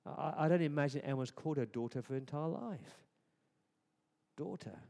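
Guy preaching, mellow voice, goes quiet then punchy, big reverb behind him. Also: on the high side, fast talker. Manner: conversational, swings from hushed to emphatic. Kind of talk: sermon. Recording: long hall reverb.

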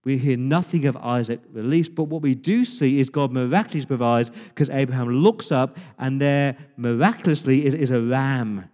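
A male pastor delivers an impassioned sermon, leaning on dramatic pauses and repeating his words for emphasis. His mid-range voice carries a long reverb through the church hall. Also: medium pitch, dark tone.

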